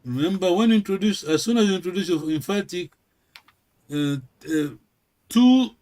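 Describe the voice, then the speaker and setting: A man teaching a language class in a halting way, repeating words and checking in with "yes?" again and again. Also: sits high, animated, warm tone.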